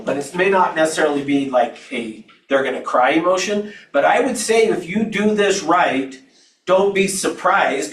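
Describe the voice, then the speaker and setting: A man's voice: fairly high pitch, fairly bright tone. Man teaching a class from across an echoey room. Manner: conversational, with restarts and asides. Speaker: real estate trainer. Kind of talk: live classroom training talk. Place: training room. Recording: echoey room, speaker far from mic.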